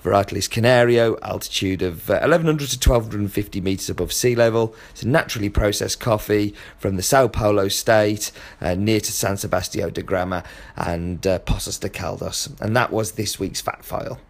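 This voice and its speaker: Low-voiced man reading facts. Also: normal speed, vocal fry, hardly any pauses. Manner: self-deprecating, listing facts with hesitations. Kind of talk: fact segment read-out.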